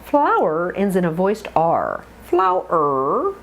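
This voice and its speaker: A woman teaching a pronunciation lesson, modeling long drawn-out words and giving short coaching tips. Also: fairly low pitch, wildly swooping pitch. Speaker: accent coach.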